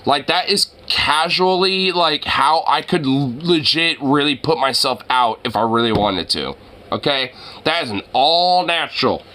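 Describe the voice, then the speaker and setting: A man's voice: a little high, expressive, measured pace, bright, forceful tone. A young man with a Southern US accent chatting casually with his stream viewers, cursing freely and rambling with lots of filler. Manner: profane, rambling, heavy on "I mean" and "I tell you what". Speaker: live streamer talking to chat. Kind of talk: casual chat.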